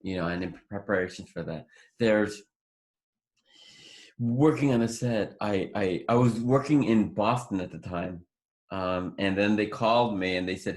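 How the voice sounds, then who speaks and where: A man in his forties, appearing as a guest actor in an interview, tells a long, rambling story, often restarting sentences and acting out what people said. His voice is lowish and a little mellow, his pace measured.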